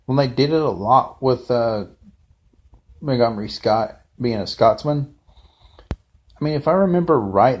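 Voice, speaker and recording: Slow, rambling man reviewing a show. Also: mid-range voice, a little mellow. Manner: rambling, off-the-cuff, frequent asides and restarts. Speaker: fan reviewer. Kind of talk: casual unscripted review.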